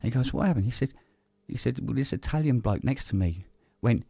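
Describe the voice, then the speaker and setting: A man telling a long joke in casual chat, animated and jumping into high voices for the people in it. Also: fairly quick, gravelly, hardly any pauses, husky, no room sound. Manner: animated storyteller, swings into high voices for characters. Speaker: co-host.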